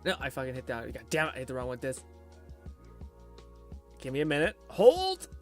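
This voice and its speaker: A man's voice: medium pitch, steady tone, fast talker, a bit bright, soft background music. A man live streaming from his home computer, chatting casually with viewers and rambling and swearing while he troubleshoots his PC.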